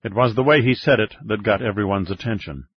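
A man narrating a thriller audiobook in a steady storytelling voice. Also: fairly low pitch, fairly quick, husky, no room sound, highs cut off. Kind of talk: scripted narration.

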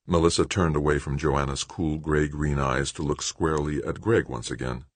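A man reading an audiobook in a measured, dramatic narration. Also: very deep voice, steady tone, no echo. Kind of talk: scripted narration.

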